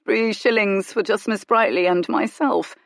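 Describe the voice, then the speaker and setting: A woman's voice: medium pitch, unhurried, gravelly, dry recording, studio quality, voice pushed up. A woman voicing an eager young male aristocrat with an offhand manner.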